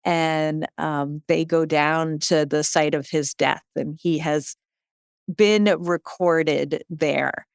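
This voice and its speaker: A woman's voice: low voice, level tone, slow, gravelly, clean tone, no echo, clean studio sound. A woman speaking for the historic ship in a casual interview, hesitant, with many ums and uhs. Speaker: museum ship guide.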